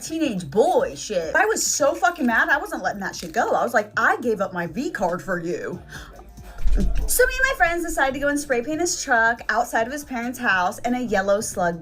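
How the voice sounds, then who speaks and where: A woman telling a story from her teens in an expressive way, swearing and laughing as she goes. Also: fairly high pitch, moderate pace, soft background music. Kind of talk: animated storytelling clip.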